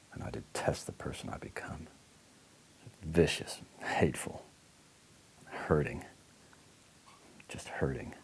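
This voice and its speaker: A man in his late forties playing an angry recovering addict in a counselling role-play, lurching between outbursts and low, ashamed muttering. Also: a little mellow, slight background noise. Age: late 40s. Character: angry recovering male addict near fifty, volatile and ashamed.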